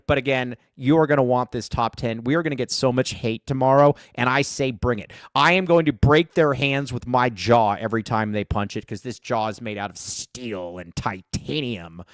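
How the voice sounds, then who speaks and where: A man's voice: medium pitch, moderate pace, clean tone, dry recording, studio quality. A man hosting a casual sports podcast, rambling and joking with plenty of fillers. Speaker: podcast host.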